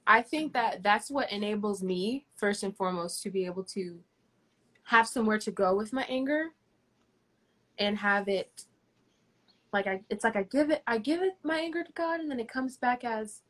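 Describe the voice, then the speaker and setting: A woman's voice: medium pitch, moderate pace, fairly bright tone. Earnest woman giving encouraging advice. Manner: earnest, encouraging, with restarts and laughs. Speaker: guest. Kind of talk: interview answers.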